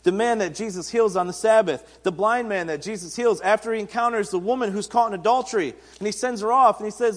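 A man's voice: high-pitched, fairly quick, hardly any pauses. A man giving a casual, conversational sermon, retelling Bible stories in everyday speech. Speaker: pastor and teacher. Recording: reverberant hall.

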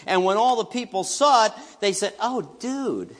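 A middle-aged male pastor preaching in a conversational, joking style, his voice sitting a little high for a man. He swings from loud bursts to hushed asides. The sound carries the long reverb of a large church hall. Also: moderate pace. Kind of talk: conversational sermon. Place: church sanctuary.

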